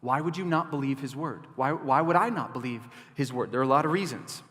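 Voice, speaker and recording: A male pastor delivers an animated, emphatic sermon with conversational asides in a church. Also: mid-range voice, fairly quick, big-room sound.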